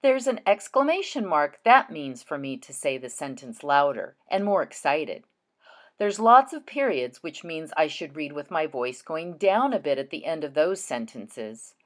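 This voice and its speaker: Speaking in a deep voice, a woman teacher leads a recorded reading lesson for kids. Her delivery is deliberate and expressive as she shows how reading aloud should sound.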